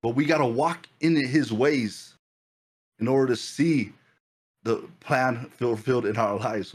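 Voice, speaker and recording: A man preaching a fervent sermon as pastor, repeating phrases and building excitement. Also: medium pitch, measured pace, slightly rough.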